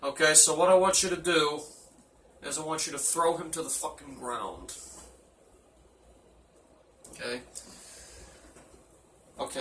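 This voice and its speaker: A man doing a comic locker-room roll call as team manager, rambling, profane and mock-gruff. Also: medium pitch, fairly bright tone, echoey room, recorded from a distance, a little hiss or hum. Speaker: team manager giving a speech.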